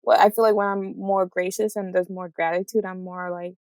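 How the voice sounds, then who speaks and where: Hesitant young woman with a gravelly edge. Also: mid-range voice, level tone, brisk, a little mellow, no echo. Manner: hesitant, thinking aloud, full of "like" fillers. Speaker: guest, graduate student. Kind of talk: casual conversation.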